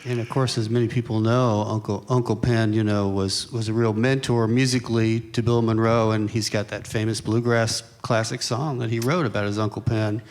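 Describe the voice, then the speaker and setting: A man's voice: on the low side, little pitch movement, moderate pace, few pauses. A man hosting a panel on a museum stage, adding background and asking questions in a conversational way. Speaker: host. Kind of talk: moderating a panel.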